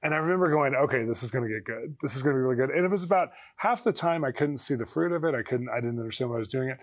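A man guest on a faith talk show, telling personal stories and acting out his own inner voice. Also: mid-range voice. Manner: fast, animated, acts out his own quoted inner voice. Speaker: guest, prophet. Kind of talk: storytelling in a talk-show interview.

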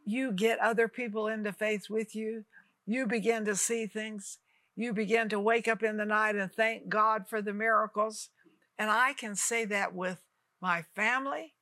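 A woman in her eighties, a TV minister, teaching and praying with fervent, exhorting delivery and sudden rises in pitch. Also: creaky, pushed and bright, no room sound. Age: 80s. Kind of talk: televised ministry teaching and prayer.

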